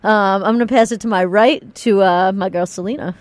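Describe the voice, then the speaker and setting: Woman co-host, quick talker, dry studio sound, sarcastic remarks. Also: medium pitch, no echo. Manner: wry, sarcastic. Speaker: radio co-host. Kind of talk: casual radio banter.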